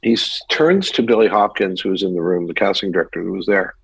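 Older man with a husky, dry voice. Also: sits low, fast talker, dry recording, low-quality recording. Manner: animated anecdote teller, mimics voices in quotes. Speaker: actor guest. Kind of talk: storytelling in a podcast interview.

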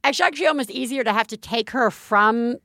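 A high-pitched woman in her thirties co-hosts a parenting podcast and tells family stories in a loose, chatty way, full of "like" fillers and quick laughs. She slips into voices for the people in her anecdotes. The recording is dry and close. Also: sharp tone, dry recording. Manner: chatty storyteller, many "like" fillers, laughs easily. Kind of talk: casual chat.

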